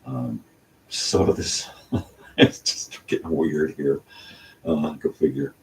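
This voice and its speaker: A man's voice: rumbling low, fairly even intonation, slow. An older man hosting his own channel, talking through his songwriting in a loose, meandering monologue full of fillers and restarts. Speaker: channel host. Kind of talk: rambling casual monologue. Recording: distant mic with faint room noise.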